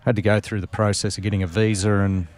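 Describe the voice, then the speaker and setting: A man's voice: fairly low pitch, level tone, fast talker, a little mellow. Man telling racing stories. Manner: rambling anecdotes with many fillers and restarts. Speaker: podcast guest, former racing driver. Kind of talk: casual storytelling interview.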